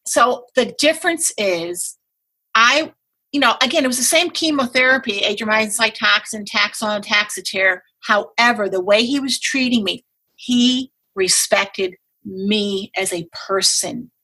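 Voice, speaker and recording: A woman guest in a relaxed interview, speaking in a bright, forward voice with a husky edge. She tells her story with animation, and her voice leaps up whenever she acts out what people said. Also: a little slow, poor audio. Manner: animated, acts out quoted dialogue with big pitch jumps. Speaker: guest, patient advocate.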